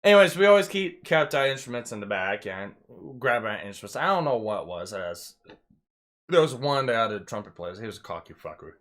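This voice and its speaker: A young man with a bright, lively voice tells a story from his school days. He swears freely and jumps up high in pitch when he acts out what people said. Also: a little fast. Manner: animated, swearing, retells scenes in raised quoted voices. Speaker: podcast host. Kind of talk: casual chat, storytelling.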